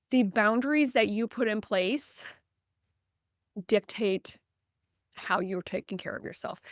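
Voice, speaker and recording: This is a woman in her thirties talking straight to her podcast listeners. Her voice sits in a middle pitch, and the sound is close and dry. She speaks earnestly and personally, often restarting her sentences. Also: no room sound. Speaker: podcast host and business coach. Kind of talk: candid solo podcast talk.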